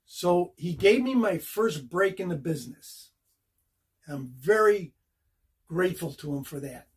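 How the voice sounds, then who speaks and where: A man's voice: high-pitched, unhurried, breathy edge. An older man, a working actor, casually telling a career story to the camera and acting out each beat of the scene as he goes. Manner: animated, acts out the scene beat by beat.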